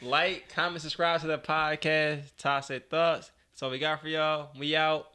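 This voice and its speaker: A man hosting a podcast in casual chat, laid-back and quick to laugh. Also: fairly high pitch, little pitch movement. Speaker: podcast host.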